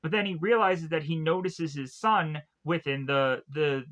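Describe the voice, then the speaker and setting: A man casually retelling a film's plot as a reviewer, rambling with lots of fillers and restarts. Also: unhurried. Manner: mock-acts characters' lines with lively pitch jumps. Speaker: movie reviewer.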